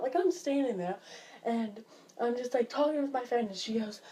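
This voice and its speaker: Casual woman vlogger, higher pitch, exasperated and rambling with fillers. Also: lively intonation, moderate pace, mellow. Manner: chatty, exasperated, filler-heavy with "like". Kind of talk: casual vlog chat.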